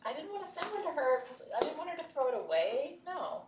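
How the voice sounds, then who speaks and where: A woman's voice: high voice, sing-song, brisk, noisy background. A woman hosting a live shopping stream, candid and chatty, laughing often. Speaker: host. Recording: roomy, distant mic.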